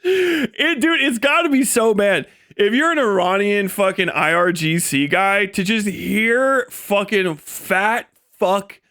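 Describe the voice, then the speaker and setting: High pitched bright guy streaming, swearing nonstop, mocking, laughing at his own bits. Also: smooth. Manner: profane, mocking, laughs often while riffing; acts out quoted voices in a jokey way. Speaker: livestreamer. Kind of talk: live stream commentary rant.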